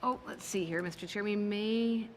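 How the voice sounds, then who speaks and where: A woman's voice: medium pitch, normal speed. Formal woman minister answering in a chamber. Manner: formal, hesitant, searching for details. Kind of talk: committee testimony. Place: legislative chamber. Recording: long reverb of a chamber, faint noise.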